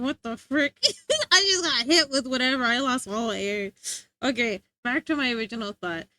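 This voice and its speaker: Young woman, high voice, live-stream chat, giggly, rambling, excitable. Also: normal speed.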